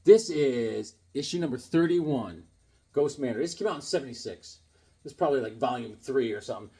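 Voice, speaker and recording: A man hosting a casual vlog about his comic books, talking in a jokey, animated way with sudden exclamations. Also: medium pitch, brisk, husky. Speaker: comic book vlogger. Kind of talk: casual show-and-tell vlog.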